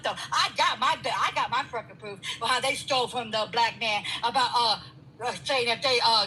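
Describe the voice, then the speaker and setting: A woman arguing heatedly on a live stream, profane and confrontational, with loud outbursts. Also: on the high side, a little hiss or hum, poor audio. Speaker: guest caller.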